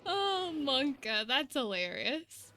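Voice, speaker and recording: A young woman streaming a game, chatting excitably with her viewers and laughing often. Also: sits high, takes it slowly, a little hiss or hum. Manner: excitable, giggly, chatty with chat. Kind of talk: casual gaming live-stream chat.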